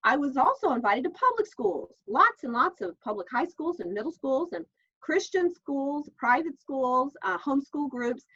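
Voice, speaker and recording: A woman's voice: sits high, expressive, moderate pace. A middle-aged woman author telling stories in a casual interview, chatty with many restarts. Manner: chatty, warm storyteller, many fillers and restarts. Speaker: author and guest. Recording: dull lo-fi call audio.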